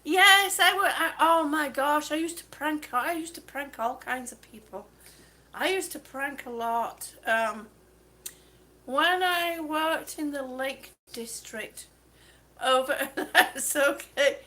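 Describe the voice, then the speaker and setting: High bright-voiced woman, slow chatty livestream. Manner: chatty storyteller, laughs often. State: on oxygen. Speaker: livestream host. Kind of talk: casual chat, reading viewer comments.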